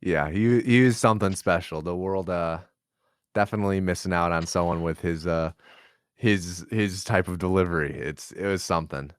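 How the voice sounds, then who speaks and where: Low-voiced, dry-delivering male guest. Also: moderate pace, smooth, no echo. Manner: dry, laid-back delivery. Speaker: podcast guest. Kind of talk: casual podcast interview.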